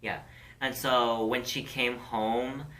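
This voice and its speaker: A woman's voice: rumbling low, fairly even intonation, takes it slowly, fairly bright tone. A woman co-hosting a casual podcast chat, candid and outspoken, swearing freely as she speaks with conviction. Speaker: podcast co-host.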